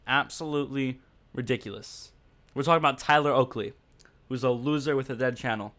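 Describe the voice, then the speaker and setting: Bluntly mocking and full of fillers, this man's casual livestream podcast rambles along as he speaks straight to his audience. He has a smooth, clear, mid-range voice that's brisk and fairly bright.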